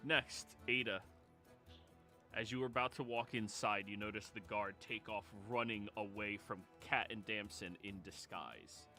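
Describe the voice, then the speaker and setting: A man running a tabletop game as game master, bright and forceful in tone. He talks casually, makes quick rulings and laughs often. Faint music plays underneath. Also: fairly low pitch, fairly even intonation.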